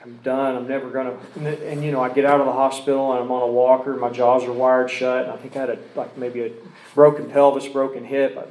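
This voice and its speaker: A man's voice: medium pitch, a little mellow, roomy sound, rough recording. A man telling his personal recovery story in a rambling way, full of restarts and asides. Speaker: recovery speaker.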